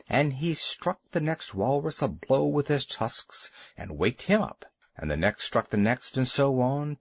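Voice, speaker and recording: A man reading a children's audiobook aloud in an expressive, dramatic way, on a close mic. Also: medium pitch, no echo. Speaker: audiobook narrator. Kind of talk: scripted storybook narration.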